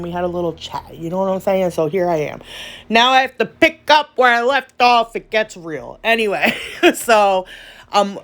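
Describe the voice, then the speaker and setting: A woman's voice: lowish voice, creaky. A woman hosting a nail art channel, telling stories in a rambling, chatty voiceover, laughing often and calling her viewers y'all. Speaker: nail art YouTuber and host.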